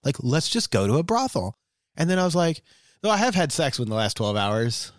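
A man's voice: on the high side, sing-song, fairly quick, dry recording, studio quality. A man co-hosting a podcast, telling personal stories in a frank, rambling way with plenty of fillers. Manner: candid, rambling storytelling with many fillers. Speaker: podcast co-host. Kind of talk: casual chat.

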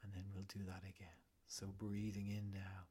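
Man, low, even voice, unhurried and soothing breathwork guide. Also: husky. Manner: slow, calm, soothing, often whispered.

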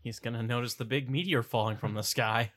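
A man's voice: medium pitch, steady tone, a little fast, a bit bright, a little hiss or hum. A man playing a tabletop game, joking in a laid-back way. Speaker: player. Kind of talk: casual tabletop game play.

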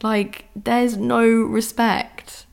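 Exasperated young woman ranting, gravelly. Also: on the high side, level tone, drawn-out words. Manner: exasperated, swears often, mimics men's voices. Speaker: podcast host. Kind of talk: casual solo podcast rant.

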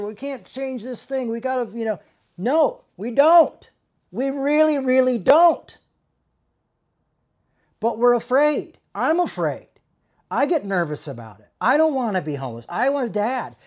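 A man giving a conversational sermon as a pastor, speaking with passion and often restarting and stumbling over his words. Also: high-pitched.

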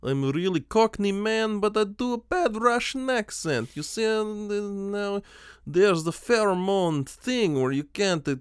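A man putting on a smug Cockney movie villain who fakes a Russian accent, talking slowly and swaggering, higher and louder than his own voice. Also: expressive, clean tone, dry recording, clean studio sound. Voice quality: slow, swaggering, self-satisfied.

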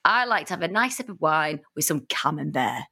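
A woman's voice: low voice, big pitch swings, a little fast, bright, forceful tone, slightly rough. A woman guest on a comic podcast, talking playfully and teasingly with giggles.

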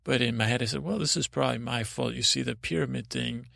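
A man's voice: mid-range voice, fast, gravelly, a bit bright, no room sound, studio quality. A man hosting a podcast, telling a rambling bedtime story in a meandering, hesitant way, full of restarts and side remarks. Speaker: podcast host.

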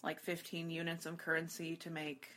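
A woman's voice: sits low, completely flat delivery, moderate pace, sharp tone. A woman co-hosting a casual chat, rambling and giggly, often breaking off mid-thought. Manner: rambling, self-interrupting, giggly. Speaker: podcast co-host.

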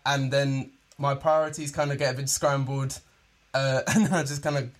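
Relaxed young man answering questions. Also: mid-range voice, normal speed. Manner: relaxed, hesitant, many fillers. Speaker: guest musician. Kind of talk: casual interview.

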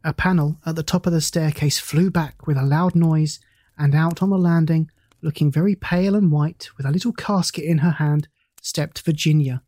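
Mellow, measured storybook narrator. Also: medium pitch, no room sound, studio quality. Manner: measured, even storytelling delivery. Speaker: audiobook narrator. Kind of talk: scripted narration of a classic ghost story.

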